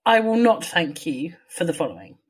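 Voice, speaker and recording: A woman's voice: on the low side, big pitch swings, normal speed, slightly rough, rough recording. A woman co-hosting a podcast in casual chat, teasing and sarcastic, with casual swearing. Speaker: podcast co-host.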